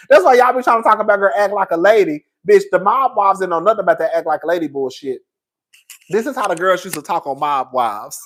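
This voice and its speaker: A man doing animated, profane reality-TV gossip commentary, sassy, laughing often and shouting out loud impressions, a little tipsy. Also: high voice. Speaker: commentary host.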